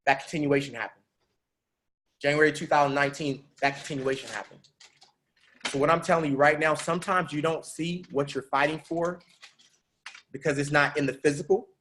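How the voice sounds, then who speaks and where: A man giving a motivational talk on a business webinar, preaching, repeating phrases and rising to shouts. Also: on the high side, fairly even intonation, brisk, long pauses, slight background noise. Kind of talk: motivational speech with storytelling.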